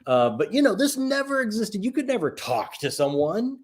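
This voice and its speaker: A man chatting as a guest on a book live stream, enthusiastic and halting, with many restarts. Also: high voice, big pitch swings. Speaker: guest, fellow book reviewer. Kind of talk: casual live-stream chat.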